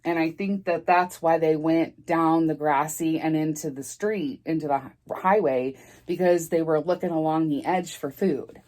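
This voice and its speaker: A middle-aged woman vlogger telling a story in a halting, rambling way, near tears. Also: low-pitched, darkish tone. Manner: rambling, halting, emotional, restarts often. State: tearful, near crying. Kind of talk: casual storytime vlog.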